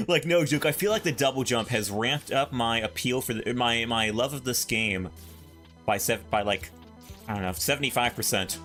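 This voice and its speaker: Over game music, a man hosting a let's play banters with himself as he plays, joking around and chasing puns. His voice is mid-range and a bit bright.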